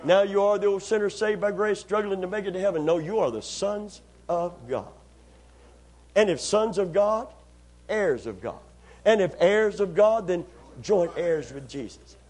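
A man's voice: high-pitched, lively intonation. A man preaching a sermon to a church congregation, calling for responses and stretching out key lines for emphasis. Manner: rises to loud, drawn-out emphasis on key lines. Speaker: pastor.

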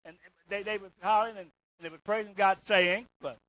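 A man preaching a call-and-response sermon in church, rising to shouts on key words and asking "isn't that right?" again and again. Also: high voice, fairly even intonation, brisk, no room sound, low-quality recording. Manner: rises to shouts on emphasis, repeats "isn't that right?".

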